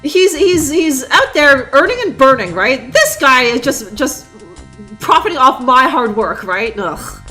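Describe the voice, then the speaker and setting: A woman streamer rambles sarcastically through live commentary on a game, laughing along the way. Her voice is high and bright and swings widely in pitch, with faint game music running behind her. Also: expressive, a little slow.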